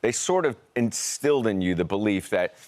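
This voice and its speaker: A middle-aged American man, an actor being interviewed, telling rambling, animated anecdotes. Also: lowish voice, normal speed. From United States. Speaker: actor guest. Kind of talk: conversational interview storytelling.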